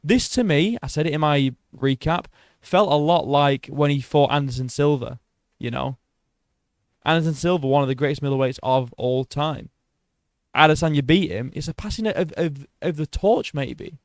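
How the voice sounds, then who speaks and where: A man's voice: on the high side, moderate pace, no room sound. Blunt, sweary man talking fights. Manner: blunt, swears a lot, many restarts and self-corrections. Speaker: MMA commentator. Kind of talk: casual solo commentary.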